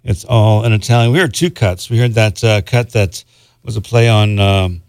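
A man's voice: on the low side, normal speed, clean tone, dry recording. A man working as a radio DJ, back-announcing records in a loose, rambling way with lots of fillers. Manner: relaxed, rambling, many "uh" fillers. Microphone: studio microphone.

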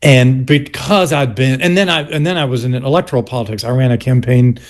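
A man's voice: medium pitch, a little fast. An older man from South Carolina with a Southern US accent, a history teacher explaining his argument in an interview with restarts and pointed asides.

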